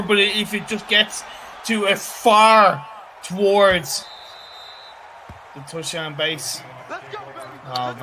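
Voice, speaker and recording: A man's voice: a little high, sharp tone, slight background noise. A man giving chatty, analytical color commentary on an esports match.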